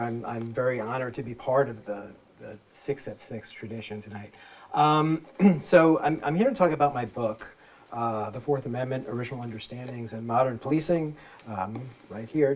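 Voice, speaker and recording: A man's voice: medium pitch, darkish tone, slight background noise. A man, a law professor, giving a public lecture through a microphone, explaining things plainly and informally for laypeople. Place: event space with a live audience.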